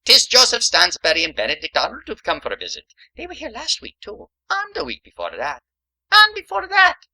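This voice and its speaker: A woman playing a lively young Irish maid, with a put-on Irish brogue and a teasing, sing-song delivery. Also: a little high, brisk, heavily acted, poor audio. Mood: chatty. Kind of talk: stage comedy acting.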